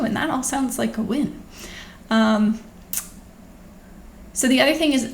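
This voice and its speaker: A woman speaking to camera in a thoughtful, conversational way, gently coaching listeners. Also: medium pitch, vocal fry. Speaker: physician hosting her own video channel. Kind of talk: reflective talk to camera. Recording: echoey room with faint background noise.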